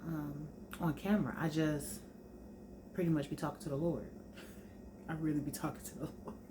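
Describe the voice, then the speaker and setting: A young woman with a notably low voice talks to her viewers in a loose, chatty sit-down vlog. She tells stories informally and keeps turning back to the audience. A faint hiss sits under her voice. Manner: chatty, informal storytelling, addresses viewers as y'all. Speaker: vlogger. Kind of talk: casual sit-down chat.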